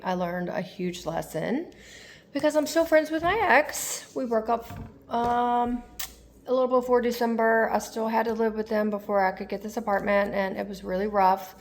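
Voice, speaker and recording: A woman's voice: mid-range voice, gravelly, a little mellow. A young woman talking candidly in a personal vlog, rambling and confessional with lots of fillers. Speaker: tarot vlogger.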